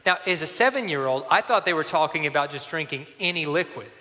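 A man in his forties preaching a sermon in a church, telling a personal story in an animated, conversational way. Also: fairly high pitch, fast, long reverb tail. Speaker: pastor.

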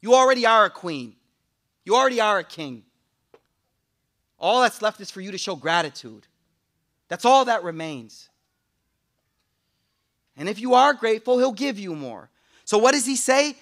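A young man giving a lively, casual sermon to a live audience, joking and using slang, and reciting Arabic quotations quickly. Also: high voice. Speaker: Islamic lecturer.

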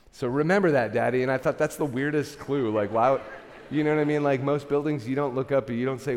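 A middle-aged man preaching a sermon, telling a story with an animated, self-deprecating manner and many restarts. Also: on the high side, fairly quick. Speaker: pastor. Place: large church hall. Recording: reverberant church hall.

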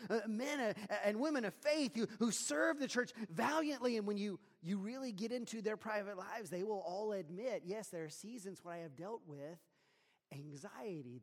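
A man's voice: high voice, vocal fry. A man preaching a sermon in an earnest, conversational way, often restarting his words. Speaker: pastor. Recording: long hall reverb.

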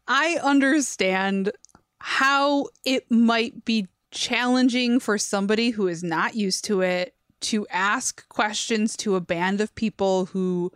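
A woman's voice: medium pitch, fairly bright tone, dry recording, studio quality. A woman co-hosting a podcast in casual chat, retelling stories and laughing often as she talks. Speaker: podcast co-host. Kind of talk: casual chat reviewing music.

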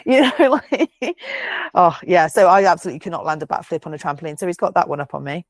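A woman in her thirties co-hosts a casual podcast, telling stories with lots of swearing and laughter. Her voice is low and gravelly. The sound is dry and close. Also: fairly quick, pauses often, dry recording. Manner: swears freely, laughs often, animated storytelling. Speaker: podcast co-host. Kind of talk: casual chat.

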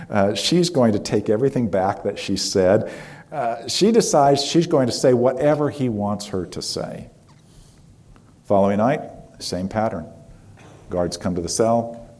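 A man preaching, telling a dramatic story with fillers and pauses. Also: on the low side, a little mellow. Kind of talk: sermon storytelling.

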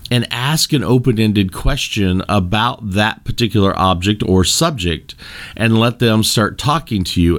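A man hosting a solo sales podcast, talking loosely with fillers, restarts and little chuckles. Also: medium pitch. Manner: chuckles between points.

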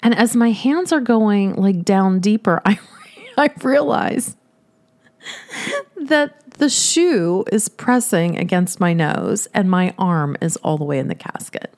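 A woman spins a comic personal tale, her voice sitting at an ordinary middle pitch. She keeps laughing through her own story as she tells it, animated and expressive. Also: takes it slowly. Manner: animated, laughs often while telling.

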